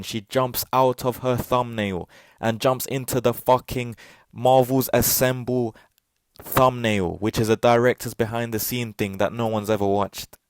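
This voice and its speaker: A man's voice: mid-range voice, steady tone, moderate pace, dry recording, clean studio sound. A man recapping a TV episode in a sarcastic, mocking, profane way, stretching repeated words for ironic stress. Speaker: TV show reviewer.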